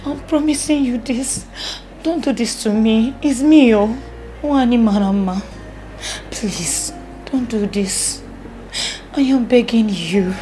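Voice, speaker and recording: A pleading guilty young wife. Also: female voice, a little high, slow pace, pauses often, faint music behind. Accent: Nigerian. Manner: pleading, tearful, soft.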